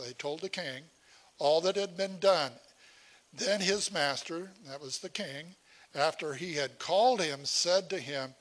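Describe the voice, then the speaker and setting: Bright-voiced slow-preaching man. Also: on the high side. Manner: folksy, conversational preaching with asides to the congregation. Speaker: pastor. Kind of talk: sermon.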